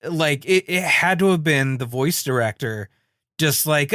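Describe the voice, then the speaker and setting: A man co-hosting a casual cartoon podcast, talking in an animated way and slipping into quoted voices with frequent laughter. His voice sits fairly high. The sound is dry and close, with no room around it. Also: moderate pace, no room sound. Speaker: podcast co-host. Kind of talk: casual chat.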